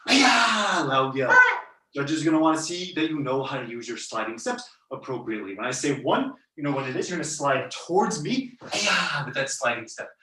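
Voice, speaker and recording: A taekwondo instructor leading a belt test over a video call, barking counts and commands and letting out loud yells, recorded in a studio. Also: mid-range voice, lively intonation, fairly quick. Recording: roomy echo, far from the mic.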